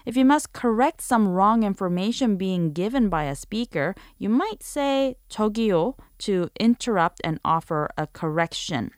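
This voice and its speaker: Dry, clear woman teaching a language. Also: medium pitch, expressive, dry recording. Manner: clear, explanatory, models phrases slowly. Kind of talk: scripted language lesson.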